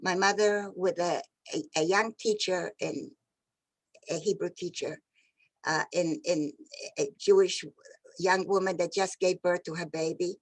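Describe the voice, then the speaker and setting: An older woman giving personal testimony of her childhood, halting and often repeating and restarting words. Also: lowish voice, fairly even intonation, rough recording. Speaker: Holocaust survivor. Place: virtual event.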